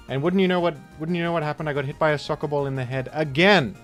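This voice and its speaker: A man's voice: a little high, fast talker, hardly any pauses, a bit bright. A man streaming a video game, chatting casually and telling rambling, self-mocking stories between moves. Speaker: gaming streamer. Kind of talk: casual commentary while playing. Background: faint background music.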